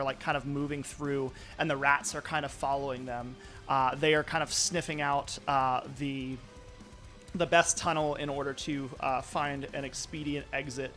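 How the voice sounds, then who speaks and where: A man's voice: mid-range voice, bright, forceful tone. A man narrating as game master of a live tabletop role-playing game, talking loosely with many fillers.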